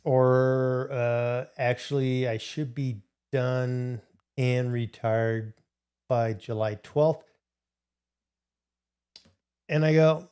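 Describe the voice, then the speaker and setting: A man's voice: medium pitch, slow, long pauses, darkish tone, clear, resonant tone. A middle-aged man hosting a casual livestream, rambling through a story and answering viewers in the chat. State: recovering from hip replacement. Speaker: livestream host.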